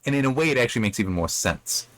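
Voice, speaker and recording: A male book reviewer hosts a loose, meandering walkthrough of a chapter's plot for his channel, tossing in playful put-on voices. His medium-pitched voice is expressive and a bit bright, delivered rapid-fire with no echo.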